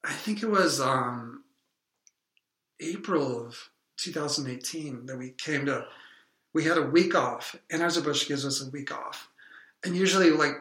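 A man rambles through an improvised comedy bit, deadpan and full of hesitant ums. His voice sits a little high and sounds bright. The room around him is echoey. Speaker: comedy podcast co-host.

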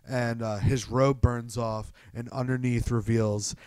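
A man recaps a film for friends in loose casual chat. He rambles through it with fillers and swearing and laughs at his own story. His voice sits at a middle pitch and is recorded dry and close. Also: level tone, measured pace, darkish tone, clean tone, no echo. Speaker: friend retelling a movie.

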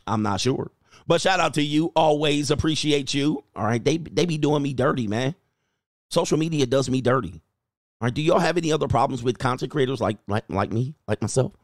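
A man hosting a casual livestream, reading viewer comments aloud, animated and laughing, with loose swearing. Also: medium pitch, fairly quick, dry recording, studio quality. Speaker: livestream host reading chat.

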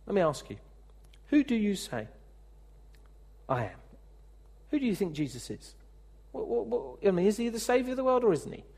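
Male pastor, sermon, conversational, direct questions to listeners, slightly higher voice. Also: normal speed, vocal fry, pauses often, breathy edge. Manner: lively, acts out quoted speech.

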